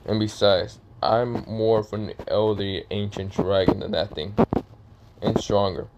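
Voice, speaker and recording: A man's voice: on the low side, fairly even intonation, unhurried, heavy background noise, natural voice. A man voicing an old, boastful male dragon who talks in an offhand, vain way. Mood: smug.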